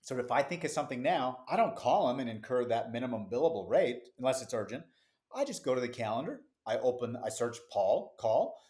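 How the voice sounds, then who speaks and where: Man telling a lively story. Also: medium pitch. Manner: lively anecdotal, quick asides, laughs easily. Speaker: business founder, podcast guest. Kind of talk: casual interview storytelling.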